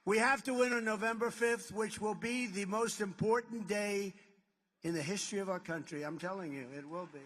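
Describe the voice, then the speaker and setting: High-voiced man giving a rally speech. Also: normal speed, a bit bright. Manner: boastful, repetitive superlatives; rambling asides. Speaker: political candidate. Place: large rally venue. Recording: long reverb in a large hall.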